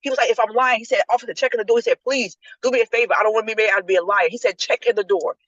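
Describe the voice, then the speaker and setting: A woman's voice: fairly high pitch, rapid-fire, no echo. A woman co-hosting a podcast, retelling a story in casual group chat and acting out what people said. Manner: animated storyteller acting out quotes. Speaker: podcast co-host. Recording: dull lo-fi dry recording.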